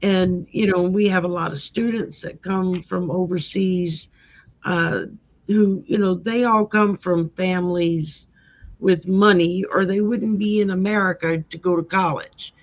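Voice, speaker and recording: A woman guest on a casual livestream chat who speaks in a thoughtful, measured way with many fillers, heard over a video call. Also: lowish voice, steady tone. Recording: dull lo-fi call audio.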